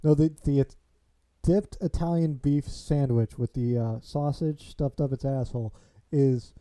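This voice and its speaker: A man's voice: medium pitch, a little slow, dark tone. A man hosting a casual car podcast, easygoing and joking, often murmuring agreement. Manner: easygoing, joking, many "mm-hmm"s. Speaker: podcast host. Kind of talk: casual chat.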